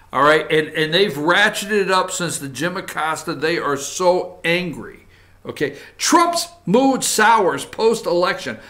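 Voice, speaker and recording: An animated man hosting political commentary with a high-pitched voice. His tone is bright and forceful, mocking as he talks and dropping into muttered asides. He speaks in a casual, offhand way. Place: studio.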